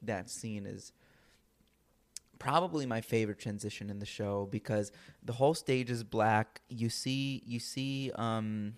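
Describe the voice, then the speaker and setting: A man's voice: on the low side, a little slow. A man co-hosting an interview, talking eagerly and tripping over his starts. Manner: enthusiastic, stumbles over starts. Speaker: podcast co-host. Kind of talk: casual interview chat.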